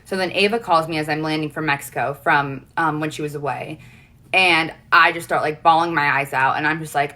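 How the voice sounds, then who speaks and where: A young woman with a low-pitched voice tells a long personal story in a casual chat. Her tone is forceful and edged, and her telling is earnest and rambling, with many fillers and restarts. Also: fairly even intonation, a little fast. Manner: emotional, earnest.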